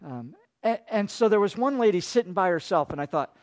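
High-voiced man preaching a lively sermon. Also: a little fast, hardly any pauses. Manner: conversational storytelling with rhetorical questions to the congregation; swings from loud excited preaching to soft quiet asides. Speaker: pastor.

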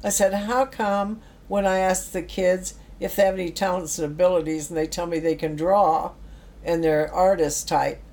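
Middle-aged woman, casual storyteller who acts out quotes, somewhat low voice, animated delivery. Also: moderate pace. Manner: animated storyteller acting out quotes, laughs often. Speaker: guest telling stories about work with youth.

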